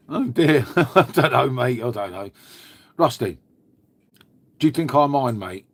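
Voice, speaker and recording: A man's voice: mid-range voice, slightly rough, dry recording. An English man hosting a casual live stream from home, rambling chattily, swearing now and then and answering his chat. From England.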